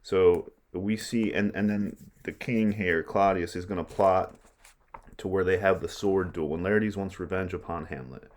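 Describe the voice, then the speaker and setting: A male teacher with a low voice explains a play in a loose, casual way. He paraphrases old lines into everyday talk, plainly and without fuss. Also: steady tone, measured pace, a little mellow.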